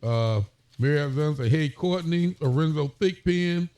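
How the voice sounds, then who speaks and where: A man's voice: a little high, normal speed, a little mellow, clean tone. A man, a sheriff hosting a casual talk show, greeting viewers by name in a folksy way.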